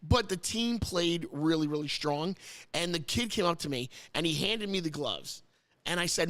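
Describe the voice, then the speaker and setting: A man with a notably high voice tells a story over a casual chat, rambling and repeating words as he goes. He is from New Jersey and hosts the show, and he grows choked up as he talks. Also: moderate pace, a bit bright. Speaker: host.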